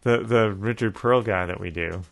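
A man with a central New York accent, teasing his brother in casual podcast chat. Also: lowish voice. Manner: wry, teasing, quick banter. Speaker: podcast co-host.

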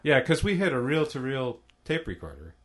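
A man's voice: mid-range voice, very animated, a little fast, a bit bright. A man reminiscing in easygoing casual chat with his brother on a podcast. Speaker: podcast co-host.

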